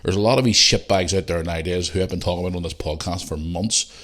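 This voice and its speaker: A middle-aged man with a Northern Irish accent hosting a podcast, rambling and swearing, and growing heated and loud. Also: deep voice, quick pace. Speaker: podcast host. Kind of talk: casual monologue.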